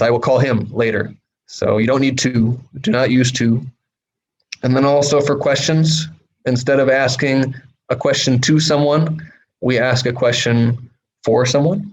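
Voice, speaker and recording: A man's voice: medium pitch, low-quality recording. A man giving a casual video lesson on English usage, speaking directly with frequent fillers like "um" and "uh". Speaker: English teacher. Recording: faint background noise.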